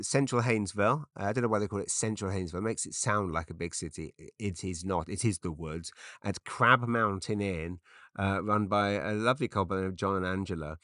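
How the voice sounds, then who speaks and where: A middle-aged English man hosting a podcast, telling rambling comic stories with quick asides and restarts. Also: low voice, fairly bright tone, no echo, clean studio sound. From England. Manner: chatty, self-interrupting, quick asides. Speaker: podcast host. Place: makeshift home studio padded with cushions.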